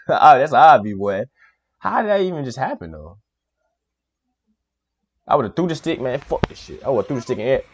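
A young man hosting a reaction video, giving casual commentary that is animated, exclamatory and profane, and laughing often. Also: mid-range voice, normal speed, pauses often, husky, highs cut off.

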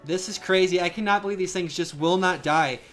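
A young man giving excitable live commentary on a survival game he is playing, with frequent outbursts and laughs. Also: sits high, a little fast. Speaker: gaming channel host. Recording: faint game music behind.

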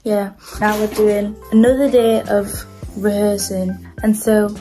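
A woman's voice: medium pitch, little pitch movement, unhurried, dark tone, faint music behind. A young woman chatting to her phone camera in a casual vlog, bubbly and giggly. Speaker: singer vlogging her first gig.

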